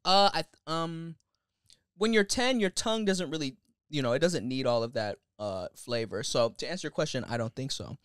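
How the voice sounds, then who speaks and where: A man's voice: fairly high pitch, clear, resonant tone, no echo. A young man co-hosting a podcast, chatting casually and riffing with jokes into a studio mic. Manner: joking, animated, quick to riff. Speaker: podcast co-host. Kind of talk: casual chat. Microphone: studio microphone.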